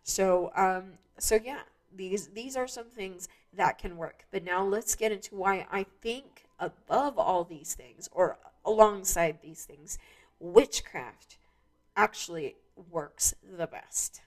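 On her own podcast, a woman gives a loose, casual monologue peppered with fillers and false starts. She talks slowly, in a mid-range voice.

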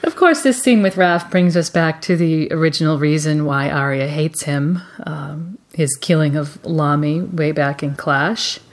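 A woman podcast co-host discussing a book in a measured, thoughtful, analytical way. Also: low voice. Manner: measured, thoughtful, with some fillers.

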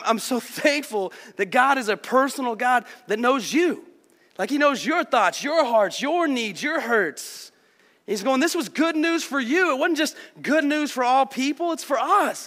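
Speaking to his congregation from the church sanctuary, a male pastor with a very high, fairly bright voice gives a sermon. The delivery is conversational and sincere, peppered with "like" and "man," and the room carries a long hall reverb.

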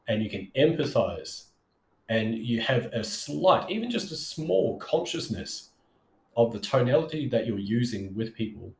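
A man's voice: lowish voice, a little mellow, roomy sound. A man talking as a sales coach in a casual coaching monologue, conversational and full of fillers and restarts.

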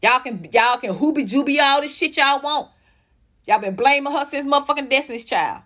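Her pitch is high and her tone fairly bright as she delivers a profane, blunt tirade as a commentary host. The young woman flips between fast outbursts and slow, stressed phrasing, clearly heated.

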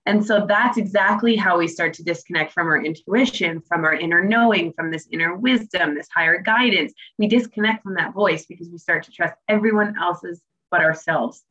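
A woman's voice: lowish voice, normal speed, few pauses, sharp tone. Woman co-host, sincere and encouraging, recorded with muffled lo-fi audio. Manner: earnest, reflective, encouraging. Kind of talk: casual chat. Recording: dull, slightly lo-fi sound.

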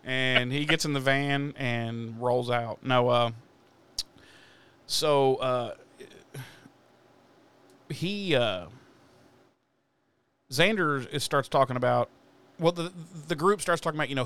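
A man hosting a podcast recaps an episode in loose, casual chat, swearing freely and laughing as he goes. His voice is smooth and clear, at a middle pitch. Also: slow pace, pauses often, fairly bright tone. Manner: profane, laughing storyteller. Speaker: podcast host.

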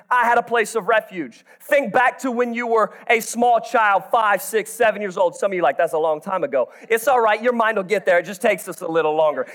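A man in his thirties preaching a sermon with energy, breaking into shouts and joking asides to the congregation. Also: high-pitched.

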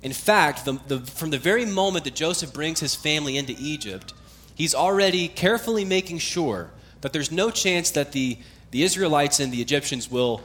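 A man's voice: a little high, animated, moderate pace, fairly bright tone, slight background noise. A man preaching a sermon as pastor, in a conversational, explanatory manner with emphatic repetition, often letting his voice fall away at the ends of phrases.

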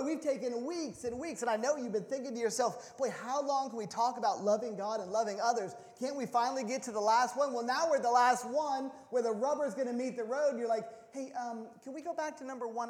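A man preaching a sermon as pastor of a church, playful and animated, often repeating words as he restarts a thought. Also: very high voice. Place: church sanctuary. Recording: long hall reverb.

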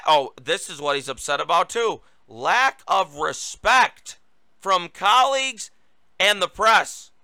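A man's voice: high voice, pushed and bright, smooth, no echo. A man hosting a political talk show, reading news headlines aloud and mocking them with sarcastic, combative commentary.

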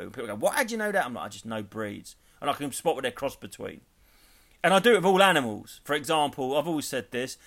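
A man, rambling and joking as he co-hosts a casual podcast chat. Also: on the high side. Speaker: podcast co-host.

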